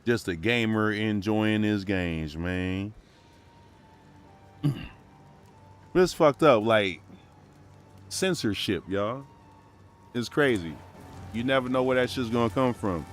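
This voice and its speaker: A man with a Brooklyn-tinged American accent, chatting casually on a game stream in loose, profane slang and shouting out his viewers. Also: fairly low pitch, lively intonation, takes it slowly, long pauses, faint music behind. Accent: Brooklyn-tinged American English. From born in New York, raised in Minneapolis.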